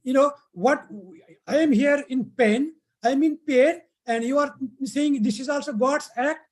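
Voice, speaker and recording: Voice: mid-range voice, expressive, a little slow, darkish tone. A storyteller voicing a proud, easily irritated young king who snaps out orders and threats. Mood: angry. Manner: angry, commanding.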